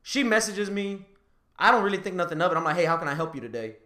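A man's voice: fast talker, echoey room. A man hosting a podcast, telling a dating story in casual chat and laughing as he gets worked up. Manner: animated, laughing storyteller, rises high when excited. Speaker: podcast host.

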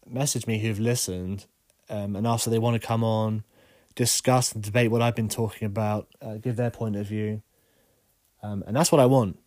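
A man hosting a solo podcast, talking in a monotonous, rambling way with many ums, his voice congested. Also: mid-range voice, no room sound, studio quality. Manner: rambling, frequent ums and uhs. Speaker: podcast host. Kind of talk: casual solo podcast monologue.

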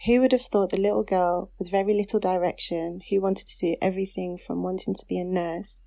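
A woman's voice: lowish voice, fairly even intonation, fairly quick, vocal fry, mellow, no room sound. Heartfelt woman reading her own letter aloud, dry close recording. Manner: heartfelt, turns tearful and laughing while reading. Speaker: podcast co-host reading a letter to her younger self. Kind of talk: casual chat, reading aloud.

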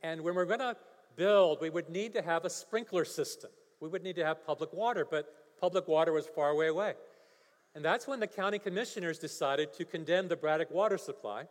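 A male pastor preaching a sermon, telling a story and building to emphatic preaching. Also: on the high side. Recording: long hall reverb.

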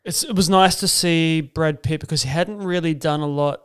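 A man co-hosting a casual film chat, chatty and quick to laugh. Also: on the high side, clean tone. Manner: chatty, laughs easily, hesitant with fillers. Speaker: podcast co-host.

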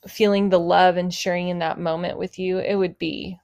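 A woman's voice: on the low side, flat delivery, moderate pace, creaky, a little mellow. A woman co-hosting a casual podcast chat with her husband, speaking earnestly and openly, with lots of "like". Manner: earnest, heartfelt, with filler "like". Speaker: podcast co-host, wife.

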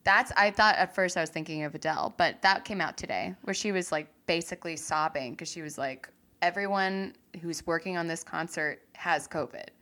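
A young woman co-hosting a casual chat, animated and quick to laugh, swearing freely. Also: lowish voice. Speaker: co-host.

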